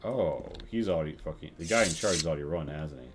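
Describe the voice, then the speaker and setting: A man's voice: rumbling low, lively intonation, fast talker, music in the background. A man casually commenting while he plays a role-playing game live, joking and swearing, with mock-formal asides. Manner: jokey, swears, slips into mock-formal lines.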